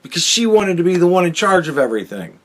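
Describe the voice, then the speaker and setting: A man's voice: high voice, very animated, fast talker. A man hosting a solo commentary podcast, ranting in a profane, sarcastic, exasperated way. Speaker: podcast host.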